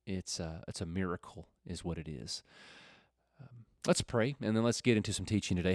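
A man's voice: deep voice, moderate pace, dry recording, clean studio sound. A middle-aged man teaching and praying on a Christian radio program, earnest and folksy, rising to fervent appeals. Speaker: radio preacher. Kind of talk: radio Bible teaching with prayer.

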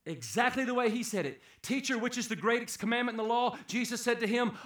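A man preaching a sermon, swinging from hushed, low passages to loud, emphatic peaks. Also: lively intonation, fast talker, hardly any pauses, roomy sound. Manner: dramatic swings from hushed to shouting.

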